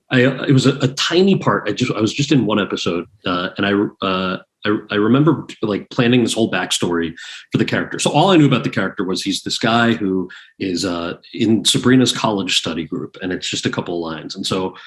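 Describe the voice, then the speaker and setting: A man in his forties, a guest actor and author telling casual stories in an interview, acting out the people he quotes. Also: lowish voice. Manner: animated anecdotes with acted-out quotes.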